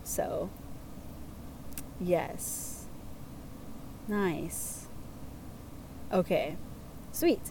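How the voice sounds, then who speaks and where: A woman's voice: lowish voice, drawn-out words, pauses often, warm tone, slight background noise. A young woman casually reading out listener stories, chatty and prone to giggling. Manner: giggly, chatty, lots of fillers. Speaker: host reading listener submissions. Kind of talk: casual chat.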